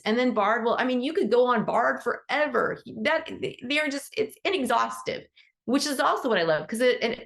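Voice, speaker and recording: Chatty woman with a creaky voice. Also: sits high, normal speed. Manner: chatty and animated, acts out quoted dialogue; motivational, affirming. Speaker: animal Reiki teacher hosting a support call. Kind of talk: casual encouraging talk on a group call.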